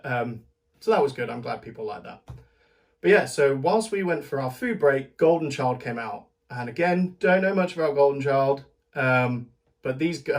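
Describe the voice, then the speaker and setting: A British vlogger rambles chattily through a casual recap of a festival. He laughs between thoughts and stumbles over how his sentences begin. His voice is at a typical middle pitch for a man.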